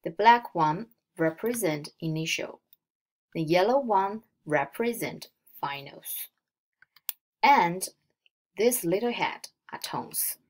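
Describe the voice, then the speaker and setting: Unhurried woman teaching with a Mandarin accent. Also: on the low side, animated, darkish tone. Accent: Mandarin Chinese. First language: Mandarin Chinese. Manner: explains slowly step by step, models tones aloud. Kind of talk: recorded slideshow lesson.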